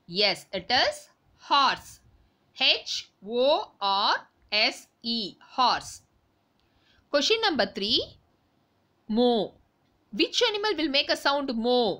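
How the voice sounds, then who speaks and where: A woman teaching a school lesson, speaking slowly and spelling each word out letter by letter, calling her students dears. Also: high voice, sing-song, bright, forceful tone. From India. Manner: slow and sing-song, spells words letter by letter, calls students dears. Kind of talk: recorded class lesson.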